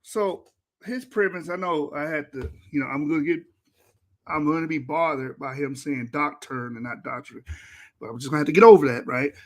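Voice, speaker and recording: A man's voice: on the high side, moderate pace. A man commentating on a debate clip in a casual, mocking way, laughing often and swearing. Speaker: reaction commentator.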